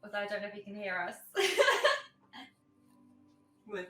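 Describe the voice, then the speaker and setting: A woman's voice: medium pitch, level tone, normal speed, fairly bright tone. A woman hosting a tabletop game stream, chatting in a bubbly, giggly, rambling way. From United Kingdom. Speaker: host and game master. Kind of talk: casual stream chat. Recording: echoey room with faint music.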